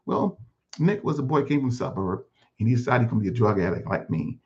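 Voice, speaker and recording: A man voicing Bubba, a rough-living street man, telling his story plainly with halting restarts in a one-man sermon skit. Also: medium pitch, sing-song, a little mellow, pitched below the performer's own voice, lightly acted. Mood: recounting. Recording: dull lo-fi recording.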